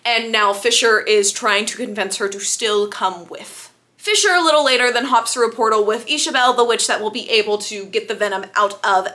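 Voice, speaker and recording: Female vlogger, casual recap delivery, bright tone, self-deprecating humor. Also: a little high, brisk. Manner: chatty and self-deprecating, laughs often. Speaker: book reviewer. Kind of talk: casual book recap vlog.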